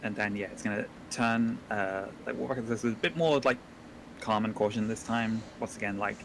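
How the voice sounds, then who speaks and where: A man's voice: fairly low pitch, moderate pace, vocal fry, fairly bright tone, slight background noise, rough recording. A man playing a tabletop game, speaking casually with fillers. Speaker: player.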